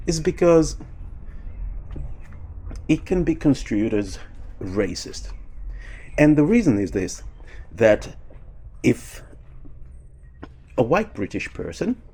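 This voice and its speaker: A man's voice: lowish voice, darkish tone, husky. A man hosting a video, talking in a rambling way with frequent fillers and false starts. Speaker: video host. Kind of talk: casual commentary.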